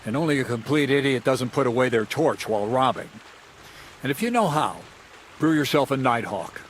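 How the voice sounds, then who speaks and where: A man's voice: mid-range voice, expressive, normal speed, slight background noise, close to an everyday voice. An actor playing a wry, scheming male thief mentor in a video game, giving advice with dry mockery. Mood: instructive. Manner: wry, mocking, conspiratorial. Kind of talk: studio video game dialogue.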